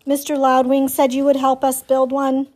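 A woman's voice: high voice, natural voice. A woman voicing an earnest, formal female robot. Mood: calm, polite. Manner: measured, formal, even phrasing. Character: calm polite female robot, gentle and earnest. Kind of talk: storybook reading.

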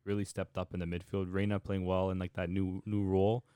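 A man's voice: deep voice, little pitch movement, brisk, warm tone, clear, resonant tone, no echo, studio quality. A man casually chatting about football as a podcast co-host, loose and slangy with lots of fillers.

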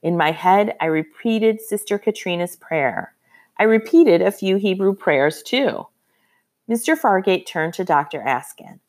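A woman reads a first-person storybook aloud with an expressive, lively delivery. Her voice sits at an ordinary middle pitch for a woman. The reading is steady and clear. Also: measured pace. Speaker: audiobook narrator.

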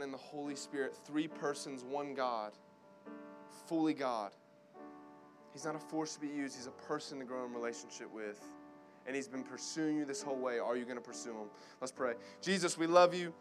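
A young man with a high, bright-pitched voice delivers a sermon with urgent, repetitive fervor. Soft guitar music plays faintly underneath. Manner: urgent, repetitive, fervent preaching. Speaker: guest preacher. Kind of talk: sermon to college students.

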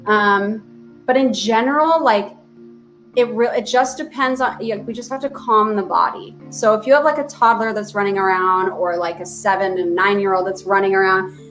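A woman's voice: mid-range voice, moderate pace, a bit bright, faint music behind. A woman of thirty, a therapist speaking as a guest in a casual podcast interview, chatty with many fillers and restarts.

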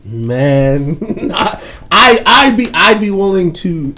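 A man co-hosting a casual sports talk show, excitable and slangy, often laughing and repeating himself for emphasis. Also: high voice, slow. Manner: excitable, laughs often, swings loud and soft. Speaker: podcast co-host.

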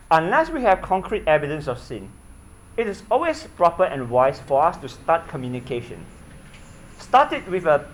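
A man preaching a sermon, his pitch rising and falling a lot. He sounds earnest, checks in with his listeners with frequent questions and repeats his words as he goes. A faint hiss sits under the recording. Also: low-quality recording.

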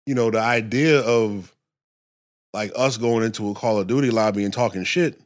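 A man's voice: fairly low pitch, moderate pace. A man chatting casually on a podcast, telling loose, profane stories full of "yo" and "you know what I'm saying". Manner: loose, profane, animated storytelling. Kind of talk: casual chat.

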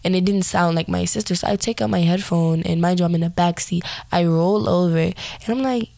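A young woman hosting a podcast, hoarse and tired as she tells a personal story in a rambling way with lots of fillers and restarts. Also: on the low side, brisk, dark tone, no room sound. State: hoarse, recovering voice; tired, yawning.

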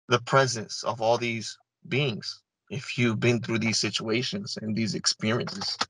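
Bright-voiced man telling an earnest story. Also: medium pitch, no room sound, poor audio. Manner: earnest, repeats words and restarts phrases often. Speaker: interview guest. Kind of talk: casual first-person storytelling.

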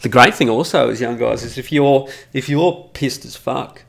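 A man's voice: medium pitch, moderate pace, creaky, fairly bright tone. A middle-aged Australian man hosting a solo podcast, ranting profanely in a mocking, emphatic way into a studio microphone. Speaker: podcast host.

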